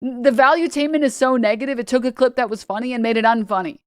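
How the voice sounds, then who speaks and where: A woman from New York, a streamer reacting to clips in casual commentary, emphatic and repetitive, swinging loud for effect. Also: a little high, quick pace, dry recording, studio quality.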